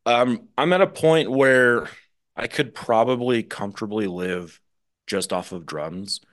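A young man from the Midwest, a drummer chatting as a podcast guest in a relaxed, rambling way. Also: mid-range voice, a little slow. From Midwest USA. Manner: relaxed, rambling, laughs easily. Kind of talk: casual podcast chat.

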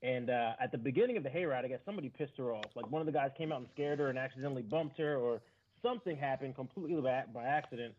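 A man's voice: medium pitch, racing, darkish tone, a little hiss or hum. A man in casual chat, rambling through a story with swearing and acted quotes. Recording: tinny phone-like sound.

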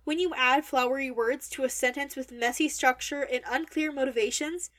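High-voiced young woman critiquing a novel. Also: fairly even intonation, normal speed, fairly bright tone. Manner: opinionated and wordy. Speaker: book reviewer. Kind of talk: critical book review monologue.

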